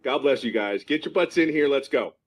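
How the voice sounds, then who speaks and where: Recorded at home in California with poor audio, a man in his fifties from Philadelphia gives an impassioned testimonial as a program member. His expressive, mid-range voice runs a little fast, and he repeats himself emphatically to stress his points.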